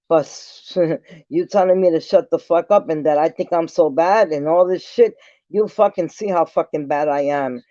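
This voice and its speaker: A man's voice: a little high, dark tone, no echo. A man vlogging an angry, profane rant straight to the camera, repeating himself as he confronts someone. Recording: dull lo-fi sound.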